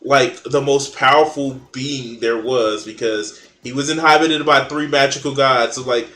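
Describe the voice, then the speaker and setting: A man's voice: mid-range voice, fairly even intonation, a little slow, a bit bright, roomy sound, slight background noise. A man in casual chat, blunt and opinionated, swearing freely while arguing about comics.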